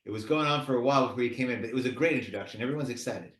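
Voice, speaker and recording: A man's voice: medium pitch, racing, fairly bright tone, reverberant. A man hosting an online conference panel, chatty and joking as he brings people in. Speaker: conference host. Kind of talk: casual video-call introduction. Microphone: video call.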